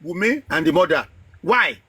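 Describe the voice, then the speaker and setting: A man's voice: fairly high pitch, animated, normal speed, pushed and bright, slightly rough, no echo. A man arguing emphatically in an online live debate. He lectures and hammers home the same phrases. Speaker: debate participant.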